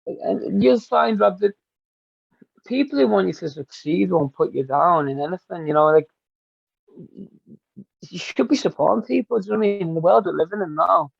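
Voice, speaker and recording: A man's voice: sits high, lively intonation, moderate pace, gravelly, pauses often, breathy edge, no echo. A Glaswegian man, a football coach guest, speaking earnestly and from the heart in a podcast interview. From Scotland. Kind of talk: casual interview chat. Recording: dull dry lo-fi sound.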